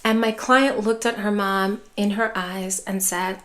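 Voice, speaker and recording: A woman dementia care educator giving a calm, measured talk with reassuring example phrases. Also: medium pitch. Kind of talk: scripted educational talk to camera.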